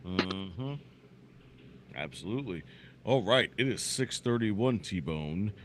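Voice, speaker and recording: A man with a mid-pitched voice that moves in an animated way as he reads a news item. He adds dry asides as a show host. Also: slow pace, background noise. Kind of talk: casual live show chat.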